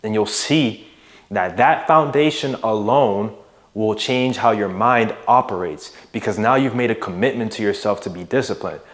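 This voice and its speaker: A young man with a slightly low voice gives motivational coaching straight to his audience. He talks casually and with energy, raising and dropping his voice to hit key words and tossing in "bro" and "right?". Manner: emphatic, varies loudness and pitch for emphasis, casual with "bro" and "right?". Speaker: mindset and fitness coach. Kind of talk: motivational monologue to camera.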